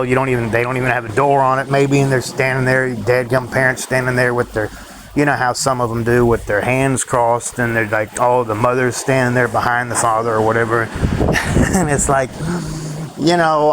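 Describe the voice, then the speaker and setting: A man rants to his viewers in a bitter, worn-out way, cursing often and laughing dryly between complaints. His voice sits at an ordinary middle pitch. A steady noise runs behind him, with passing vehicles. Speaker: vlogger. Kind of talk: ranting monologue to viewers.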